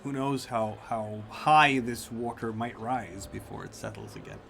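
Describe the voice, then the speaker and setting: A man narrating as game master of a tabletop game, describing scenes in slow, halting sentences with fillers. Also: mid-range voice, vocal fry, fairly bright tone.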